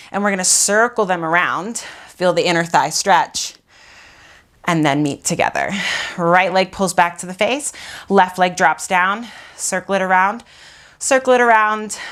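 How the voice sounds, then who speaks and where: A woman instructor counts and cues a mat workout at an unhurried pace, her voice sitting a little low. She exercises along with the class, so she sounds winded, with sighs and breaths between the cues. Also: fairly bright tone. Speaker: pilates instructor.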